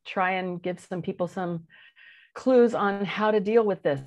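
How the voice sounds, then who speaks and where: A woman's voice: mid-range voice, measured pace, a little mellow. A woman, a guest actress, speaking eagerly in an interview.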